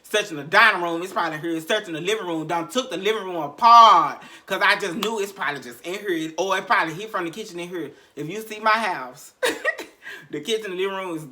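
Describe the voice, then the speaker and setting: Bright-voiced man telling a raw story. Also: high voice, brisk. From Memphis, Tennessee. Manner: profane, repetitive, heavy sighs, emotional recounting. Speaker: podcast host. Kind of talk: candid storytelling monologue.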